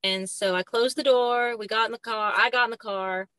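A middle-aged Southern woman, appearing as a podcast guest, tells a personal story haltingly, full of fillers and restarts, and performs the dialogue she quotes. Her voice sits on the higher side, steady and a little bright, with a clean tone and no room sound.

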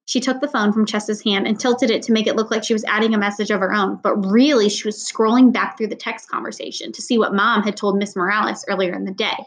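A woman reading a children's novel aloud in steady storytelling narration. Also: medium pitch, fast talker, few pauses, breathy edge, low-quality recording. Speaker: audiobook reader.

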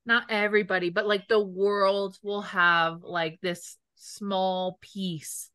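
Woman co-host, excitable fan, rambling gush, bright and forceful tone. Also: mid-range voice, slow, clear, resonant tone, no echo, clean studio sound. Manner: gushing, rambling, lots of 'like'. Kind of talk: casual fan chat.

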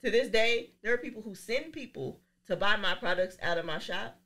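A woman with a bright, forceful voice tells a story on a podcast, blunt and profane. She slips into the voices of the people she quotes. Her tone stays sharp and pointed. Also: medium pitch, animated, a little fast. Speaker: podcast guest; business owner. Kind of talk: casual podcast chat.

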